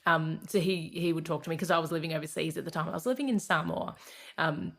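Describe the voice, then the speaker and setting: Fast-talking and low-voiced with vocal fry and a bit of brightness, this Australian woman in her thirties is a comedian and radio host. Appearing as an interview guest, she tells candid personal stories casually, laughing a lot and often restarting what she's saying.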